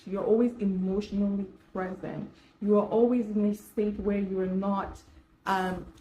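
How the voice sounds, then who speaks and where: A woman speaks in a relaxed, conversational way, circling back and restarting her sentences as she explains things to her viewers. Her voice is warm and mellow rather than bright. The room around her rings with a noticeable echo, with a faint hiss of background noise. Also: medium pitch. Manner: conversational, many fillers and restarts. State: slightly dry throat. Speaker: self-help vlogger. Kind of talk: casual advice talk to camera.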